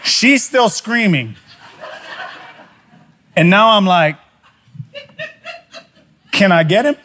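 A man with a noticeably high speaking voice tells a story from the pulpit. He is a middle-aged pastor, animated and self-mocking as he recounts his own blunder. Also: drawn-out words, a little hiss or hum. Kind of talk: storytelling sermon.

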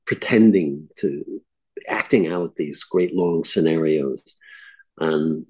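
A man's voice: very deep voice, slow pace. A man who is an actor guest, reminiscing in a reflective, casual interview conversation. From grew up on a farm.

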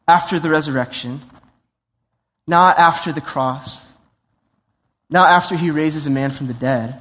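A man preaching a sermon in a conversational, animated way, acting out voices and asides. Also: a little high. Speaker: pastor. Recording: long hall reverb.

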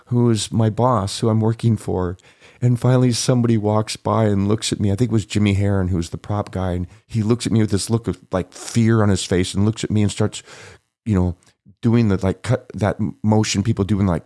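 Middle-aged guy on his podcast, lowish voice, chatty storytelling, laughs a lot. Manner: warm reminiscing, laughing often, acts out quoted voices. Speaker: podcast host. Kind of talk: casual storytelling.

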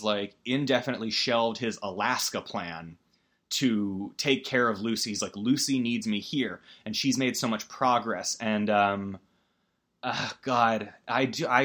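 A man's voice: medium pitch, a bit bright. Rambling man recapping a movie. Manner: rambling, lots of fillers, emotional, sarcastic.

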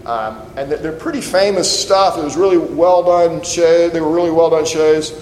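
A man's voice: fairly high pitch, moderate pace, darkish tone. Man preaching in an echoing hall. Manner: conversational preaching, ending in prayer. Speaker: pastor. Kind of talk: sermon. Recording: roomy hall reverb, faint noise.

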